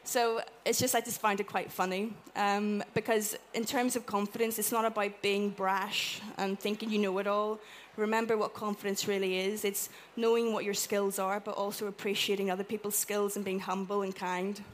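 A woman with an Irish accent giving a chatty, animated talk to a live audience, acting out little quotes as she goes. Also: medium pitch, normal speed, hardly any pauses, a little hiss or hum. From Ireland. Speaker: conference speaker. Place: event room with an audience.

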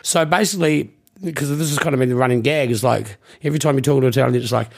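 A man telling a joking anecdote in quick, casual chat. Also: medium pitch, gravelly. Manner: rapid, joking storyteller. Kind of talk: casual comedy storytelling.

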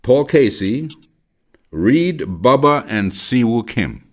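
A man on a casual chat reads out team lists at an unhurried, deliberate pace. His pitch rises and falls in a lively way. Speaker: panel member reading team lists.

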